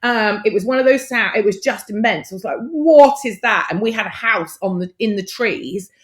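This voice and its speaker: Middle-aged woman on a podcast, chatty and expressive, acts out what people said, mid-pitched voice. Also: brisk. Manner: lively, expressive, acts out her own past dialogue. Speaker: podcast guest. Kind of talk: casual conversational storytelling.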